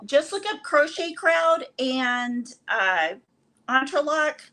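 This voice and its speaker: A woman's voice: sits high, animated, slow, bright, forceful tone. A woman co-hosting a casual crochet livestream, cheerfully greeting viewers by name and chatting about her projects.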